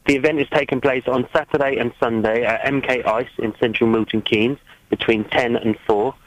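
A man's voice: medium pitch, steady tone, normal speed, no room sound, rough recording. A man calling in to a radio phone-in as an event organiser, earnest and grateful, with some hesitant fillers.

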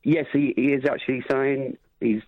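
A man calling into a radio phone-in, talking in a hesitant, halting way over a muffled line. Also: mid-range voice, steady tone, dry recording. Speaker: caller. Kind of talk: phone-in call.

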